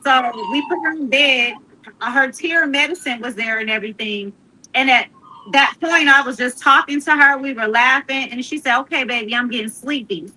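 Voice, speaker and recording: Middle-aged woman guest, high and bright, emotional storyteller who acts out relatives' lines. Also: normal speed, low-quality recording. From Missouri. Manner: animated, quotes relatives in voices.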